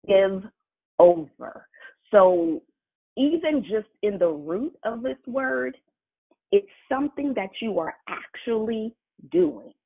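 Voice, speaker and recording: Woman preacher, slow deliberate delivery, emphatic and repetitive, tinny phone-line sound. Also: mid-range voice, husky. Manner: emphatic, spells out words and repeats phrases. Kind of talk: sermon.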